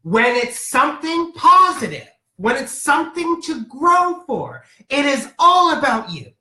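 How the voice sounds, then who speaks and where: Woman, card reader, playful, lively pitch, echoey room. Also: unhurried. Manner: giggly, playful, animated delivery. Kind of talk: live-stream card reading.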